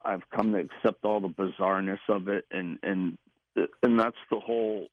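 A man telling a personal story in a casual interview, halting and repeating words as he goes. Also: medium pitch, dry recording. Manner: halting, repeats words, laughs between phrases. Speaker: guest recounting an experience. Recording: tinny phone line.

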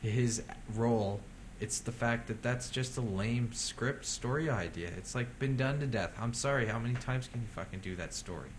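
A man's voice: medium pitch, moderate pace, few pauses, a little hiss or hum. A man co-hosting a casual film talk, blunt and opinionated, swearing casually.

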